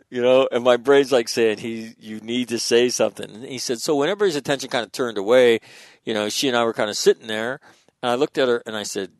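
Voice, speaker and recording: A man hosting a podcast, telling stories in a casual, profane, animated way with frequent restarts. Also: mid-range voice, brisk, no echo.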